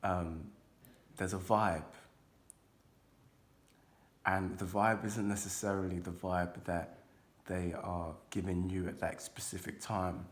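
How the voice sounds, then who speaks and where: A man's voice: low-pitched, little pitch movement, slow, pauses often. A young man giving a casual, rambling card reading to his viewers, talking loosely and swearing now and then. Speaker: intuitive card reader.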